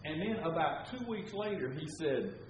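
A man's voice: a little high, expressive, normal speed, recorded from a distance, a little hiss or hum. An older man, preaching and telling a story in a folksy, rambling way that builds to fervor. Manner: folksy, rambling, grows loud and fervent. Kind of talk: sermon storytelling. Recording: roomy, dull sound.

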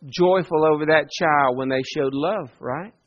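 High-pitched guy preaching slow, earnest, goes soft then punchy. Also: dull audio. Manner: earnest preaching, swings from soft hush to emphatic. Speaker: pastor. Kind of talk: sermon.

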